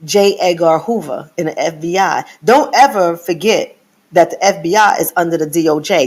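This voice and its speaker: A woman's voice: lowish voice, a little mellow. A middle-aged woman hosting a live stream, who lectures her viewers in a teacherly way and repeats her points. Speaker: host.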